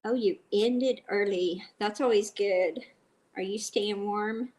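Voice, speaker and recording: A woman's voice: medium pitch, takes it slowly, a little mellow. A middle-aged woman with a stuffy nose, live streaming casually while cooking, chatting with viewers and telling rambling stories. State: stuffy, blowing her nose.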